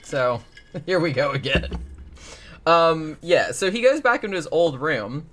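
A man's voice: fairly high pitch, expressive, measured pace, a bit bright. A man hosting a casual chat, rambling and sarcastic, swearing freely as he recaps. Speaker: podcast host.

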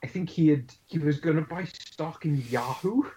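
A man's voice: fairly high pitch, moderate pace, warm tone, slight background noise, low-quality recording. A man co-hosting a podcast, discussing a film in a thoughtful, analytical way with some hesitation. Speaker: podcast co-host.

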